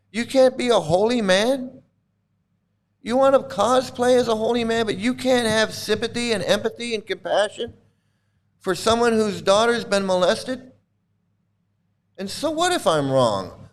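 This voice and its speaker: High-voiced man in an angry rant. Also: animated, measured pace. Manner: furious, repetitive, swearing, bitter. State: angry, voice breaking at times. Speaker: channel host, cult critic. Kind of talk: angry monologue to camera.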